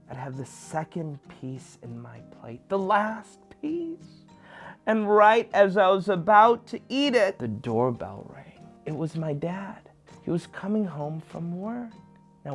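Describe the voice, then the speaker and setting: Man, animated children's storyteller, pitch swinging widely, soft music under. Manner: animated, playful.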